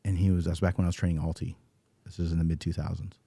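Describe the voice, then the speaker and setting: A middle-aged man from California hosting a podcast, asking questions and telling stories with lively acted-out quotes. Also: low-pitched, very fast, gravelly, breathy edge, no echo. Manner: lively storyteller, acts out quotes. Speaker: podcast host. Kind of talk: casual interview chat.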